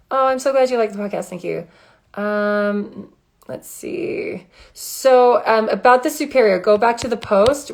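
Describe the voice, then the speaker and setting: A woman in her thirties talks frankly into her phone from home, answering viewers' questions in a loose live chat. Her mid-range voice carries a gravelly fry, and she keeps tossing in rhetorical questions. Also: mid-range voice, low-quality recording. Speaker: live-stream host and aromatherapist.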